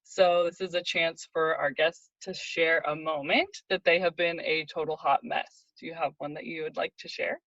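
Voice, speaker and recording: A woman hosting a podcast, gushing and quick to laugh as she steers the casual interview. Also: low-pitched, fairly even intonation, a bit bright, dry recording. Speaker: podcast host. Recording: dull, dry lo-fi audio.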